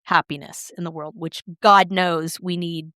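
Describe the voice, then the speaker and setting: A middle-aged woman co-hosting a podcast, chatting casually and expressively with quick shifts in tone. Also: fairly low pitch, steady tone, bright, forceful tone, no echo, clean studio sound. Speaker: podcast co-host. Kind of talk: casual chat.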